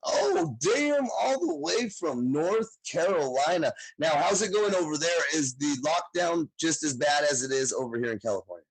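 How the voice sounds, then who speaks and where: A man's voice: a little high, expressive, normal speed, few pauses, rough recording. A man hosting a comedy show over a video call, joking and hyping up the crowd with profane banter. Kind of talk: emcee banter and introductions.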